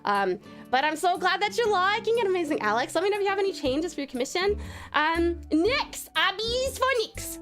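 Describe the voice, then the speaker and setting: An Australian woman streamer greets her chat one by one, affectionate, doting and bubbly, with faint music behind her. Her voice is extremely high, sing-song and fairly bright, and she speaks briskly.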